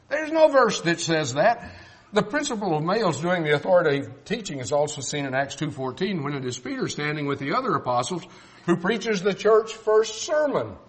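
Older preacher from South Texas, emphatic. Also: male voice, a little high, big pitch swings, moderate pace. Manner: folksy, emphatic, argumentative. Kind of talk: sermon with personal stories.

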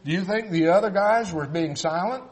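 Older man, South Texas upbringing, preacher, folksy, emphatic, slightly high voice. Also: moderate pace. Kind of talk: sermon with personal stories.

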